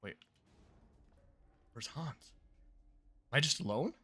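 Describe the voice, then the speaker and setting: A man streaming a video game and talking straight to his chat, playful and hyped up. His voice is bright and forceful, and his pitch swings widely as he jokes and reacts. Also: animated, takes it slowly, breathy edge, no room sound. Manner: playful, hyped, chatty with viewers. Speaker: streamer and channel host. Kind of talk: casual gameplay livestream commentary.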